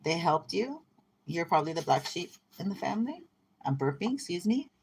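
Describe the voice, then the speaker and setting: A woman reading tarot cards in a casual, rambling way. Her voice sits a bit low. She is irreverent and breaks into laughter often. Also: big pitch swings, a little fast, a little mellow, breathy edge. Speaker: tarot reader. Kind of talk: casual spiritual card reading.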